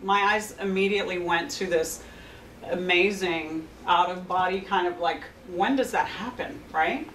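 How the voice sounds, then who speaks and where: A woman counselor giving an anecdotal talk to an audience, telling a lively story and acting out both sides of a conversation. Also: lowish voice, moderate pace, slight background noise. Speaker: clinical director and counselor. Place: open house event, indoor room. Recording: roomy sound picked up from a distance.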